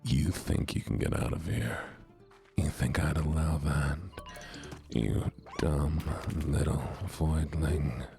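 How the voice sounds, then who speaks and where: A man voicing a possessive, obsessive yandere lover who talks slowly in a low, threatening half-whisper. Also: gravelly, dark tone, soft background music, exaggerated voice. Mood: menacing.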